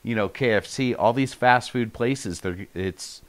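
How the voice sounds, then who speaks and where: A man's voice: mid-range voice, a little slow, no room sound. A man in a casual podcast chat, blunt and opinionated, swearing freely.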